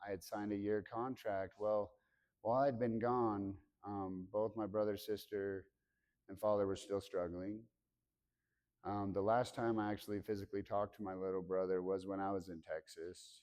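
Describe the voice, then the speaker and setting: A man in his thirties speaking candidly to students about his life, halting and full of restarts, acting out remembered conversations. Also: lowish voice, fairly even intonation, a little mellow. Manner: acts out remembered dialogue with raised voice. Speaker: motivational speaker. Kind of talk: personal story told to a student audience. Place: school hall.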